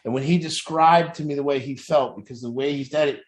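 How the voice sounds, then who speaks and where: His voice is a little high and brisk. Working as an addiction recovery coach, he delivers a blunt, intense motivational talk about honesty in families, preachy in manner and full of swearing.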